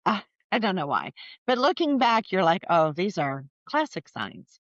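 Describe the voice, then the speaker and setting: A middle-aged woman, a podcast guest, telling family stories in a chatty, animated way with lots of fillers. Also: on the low side, normal speed, dry recording, lo-fi sound. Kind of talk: casual storytelling conversation.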